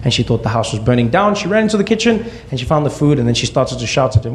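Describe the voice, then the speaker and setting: A male stand-up comedian telling a personal story on stage, with deadpan asides in a slow build. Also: mid-range voice, a little hiss or hum.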